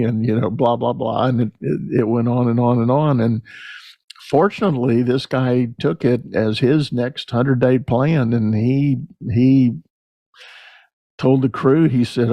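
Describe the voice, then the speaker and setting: A man's voice: medium pitch, steady tone, a little slow, mellow, no room sound. A man hosting a leadership podcast interview, telling a story and acting out the quoted voices. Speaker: podcast host. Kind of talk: conversational interview.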